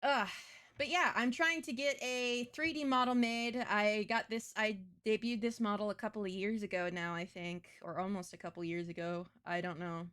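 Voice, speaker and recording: A woman's voice: mid-range voice, flat delivery, moderate pace, fairly bright tone, clean tone. Crude, blunt young woman streamer. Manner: crude, blunt, self-mocking. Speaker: VTuber streamer. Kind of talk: casual live-stream chat.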